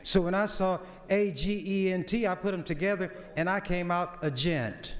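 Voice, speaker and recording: A man's voice: sits high, fairly even intonation, moderate pace. A man who is a senator, giving a folksy, lecturing floor speech in a legislature. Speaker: state senator. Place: large legislative chamber. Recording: long reverb of a chamber.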